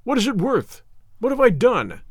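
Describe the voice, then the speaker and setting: Brief: man voicing a furious, proud spy held prisoner; bitter, slow and grim, recorded dry. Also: very high-pitched, sing-song, breathy edge, no echo, pitched above the performer's own voice, exaggerated voice. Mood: despairing.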